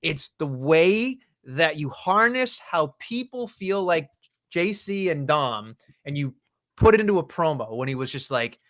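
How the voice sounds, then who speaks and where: A man's voice: a little high, a little slow. A man co-hosting a wrestling podcast in casual, profane chat, often acting out what others said. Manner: profane, animated, acts out quotes. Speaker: podcast co-host.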